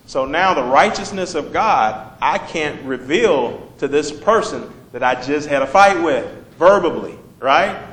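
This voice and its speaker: A man's voice: fairly high pitch, lively intonation, slow, a bit bright, echoey room, poor audio. A man preaching a conversational sermon, reading scripture and asking the congregation questions as he explains it.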